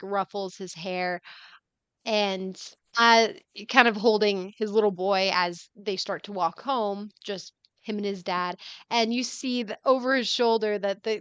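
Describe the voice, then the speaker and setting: A woman's voice: medium pitch, a bit bright, smooth, dry recording, highs cut off. A woman narrating a tabletop game as game master from home, chatty, with lots of fillers.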